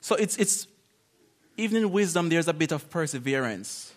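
Guy preaching in a chatty way, voice on the high side, acts out the back-and-forth bits. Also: normal speed. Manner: conversational, animated, acts out quotes, laughs often. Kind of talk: informal sermon.

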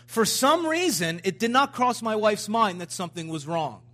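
A man in his thirties preaching, telling a personal story with frequent restarts and rising, animated emphasis. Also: high voice, moderate pace. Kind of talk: sermon storytelling.

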